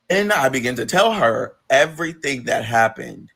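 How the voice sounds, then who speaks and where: A man's voice: medium pitch, lively intonation, normal speed, creaky, fairly bright tone, slightly rough. A man telling his personal story in an emphatic, profane way, with sudden outbursts. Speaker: guest telling his life story on a livestream.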